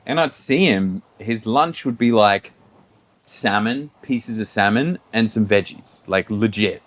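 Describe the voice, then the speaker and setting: A man's voice: lowish voice, a little slow, fairly bright tone. A man co-hosting a podcast, chatting casually and telling a story, acting out the people in it and laughing often. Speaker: podcast co-host. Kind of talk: casual chat.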